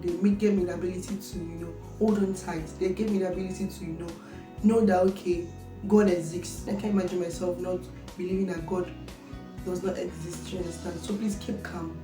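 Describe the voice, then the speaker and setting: A young Nigerian woman vlogging her personal story, earnest, checking with viewers that they understand. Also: on the low side. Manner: earnest, keeps asking "you understand?". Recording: echoey room.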